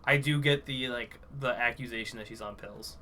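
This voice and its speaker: A man's voice: mid-range voice, normal speed, bright, forceful tone, a little hiss or hum. A man co-hosting a casual podcast, rambling with lots of fillers and crude jokes. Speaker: podcast co-host. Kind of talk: casual chat.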